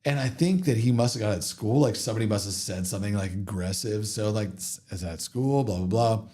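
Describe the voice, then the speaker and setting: A man's voice: on the low side, quick pace. A man in his thirties, a podcast host and father, chatting casually and acting out his kids' lines as he tells stories. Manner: animated storyteller, acts out his kids' lines. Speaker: podcast host, father of two young boys. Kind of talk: casual chat, storytelling.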